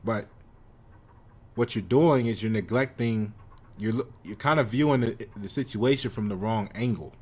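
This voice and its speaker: A man's voice: lowish voice, moderate pace, a little mellow, breathy edge. An American man delivering a confrontational lecture on his channel, repeating himself as he drives his points home. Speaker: channel host. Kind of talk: monologue commentary.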